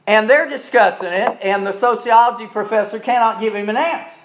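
A male pastor preaching a sermon, telling stories dramatically and swinging between loud and hushed delivery. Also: sits high, brisk, slight background noise. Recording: dull lo-fi recording.

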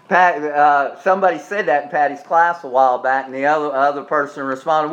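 A man, preaching a sermon in a folksy, joking way and slowing down to repeat his key points with emphasis. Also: on the high side, fairly even intonation, a bit bright, highs cut off. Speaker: pastor.

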